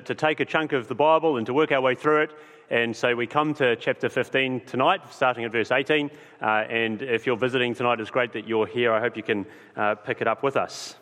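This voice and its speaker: A man preaching an evening sermon, talking in a relaxed, conversational way with frequent fillers and restarts. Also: medium pitch. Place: church hall. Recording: long church-hall reverb.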